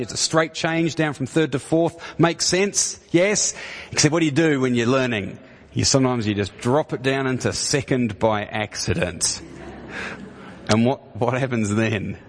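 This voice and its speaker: A man preaching a conversational sermon in a church, often restarting his words and rising into emphatic questions. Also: mid-range voice. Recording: long hall reverb.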